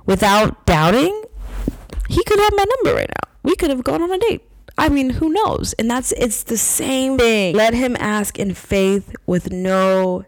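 A woman's voice: dry recording, poor audio. Emphatic woman podcast host, dry sound. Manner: emphatic and animated, swinging into high excited bursts. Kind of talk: casual faith-based pep talk. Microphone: podcast microphone.

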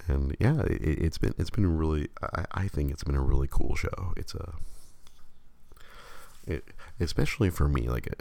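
A man's voice: a bass voice, normal speed, gravelly, dark tone, no room sound. A man hosting a show, chatting casually and rambling with many stammered restarts. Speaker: podcast host. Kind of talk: casual chat.

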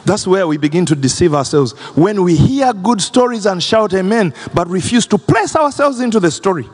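A man preaching a sermon as pastor, impassioned and swinging between high and low registers. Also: expressive, normal speed, a little mellow, husky. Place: large church hall. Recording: long church reverb.

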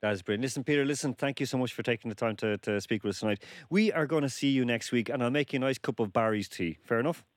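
A man's voice: medium pitch, fast talker, hardly any pauses, no room sound, clean studio sound. A middle-aged man with a Dublin Irish accent hosting a casual radio interview, chatty and jokey, often saying "listen". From Dublin, Ireland. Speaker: radio host.

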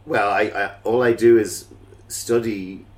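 A male podcast host with a very low, deep voice, steering a playful mock interview. He teases in a deadpan tone, pausing with fillers between thoughts. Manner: deadpan teasing, pauses with fillers.

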